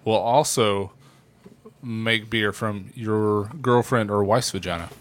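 Man delivering deadpan podcast jokes. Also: lowish voice, takes it slowly, a little hiss or hum. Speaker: podcast co-host. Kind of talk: casual banter.

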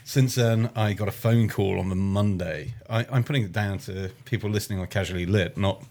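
A man's voice: fairly low pitch, brisk, darkish tone. A man guesting on a casual podcast, telling a story with wry, self-mocking humor. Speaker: podcast guest, adventure trip organizer.

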